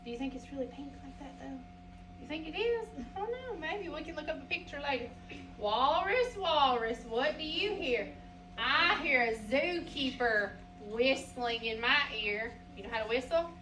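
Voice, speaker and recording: A woman's voice: high voice, expressive, a little fast, a bit bright, distant mic, low-quality recording. A woman teacher reading a picture book aloud to a class, asking the children questions in a sing-song way.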